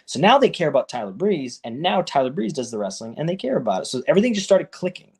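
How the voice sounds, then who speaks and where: A man in his thirties, a wrestler guest in a casual interview, telling stories with lively quoted back-and-forth. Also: a little high, fast talker, husky. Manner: animated storyteller, acts out quoted exchanges.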